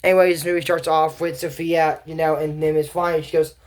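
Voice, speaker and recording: A man's voice: a little high, flat delivery, brisk, few pauses. A man giving a casual, rambling recap of a cartoon episode, full of fillers, asides and incredulous reactions. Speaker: cartoon reviewer.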